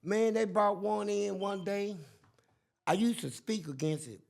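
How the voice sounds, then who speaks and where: A man's voice: high voice, unhurried, vocal fry, crowd noise. An older man telling a story in casual chat, acting out the people he quotes. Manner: animated, acts out quotes in different voices. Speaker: guest.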